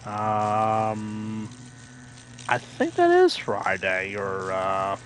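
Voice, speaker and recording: A man casually chatting on a game livestream, rambling with lots of fillers and self-corrections, now and then acting out loud excited announcers. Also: extremely slow, slight background noise. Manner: acts out quoted announcers with sudden loud high outbursts. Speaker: livestream gamer.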